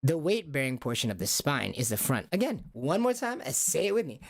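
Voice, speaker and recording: A man's voice: on the high side, big pitch swings, fairly quick, vocal fry. A man hosting a stream, coaching body awareness in a playful, repetitive call-and-response style. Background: music.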